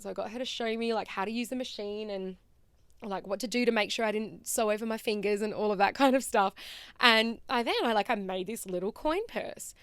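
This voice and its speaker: A woman in her thirties with an Australian accent, hosting a podcast and telling a personal story in a chatty, animated way with fillers. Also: mid-range voice, a little fast, clean tone, dry recording. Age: 30s. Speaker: podcast host.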